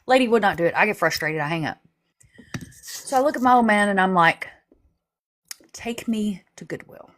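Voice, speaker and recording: A middle-aged woman in casual chat, an animated storyteller who acts out dialogue as she talks about her work streaming vigils for families. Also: medium pitch, fast, pauses often. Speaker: missing-persons advocate who live streams vigils.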